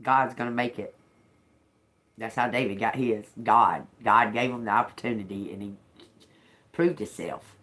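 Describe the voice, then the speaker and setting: In a very deep voice at normal speed, broken by long pauses, a woman delivers a casual tarot reading. Her storytelling is animated, peppered with frequent laughter and plenty of swearing.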